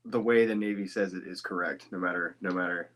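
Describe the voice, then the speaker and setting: A man with a lowish voice chats casually as a guest, with a bright, sharp edge to his tone. He is dry and teasing, and he pokes fun at his host. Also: fairly even intonation, brisk. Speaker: guest voice actor. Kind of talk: casual chat.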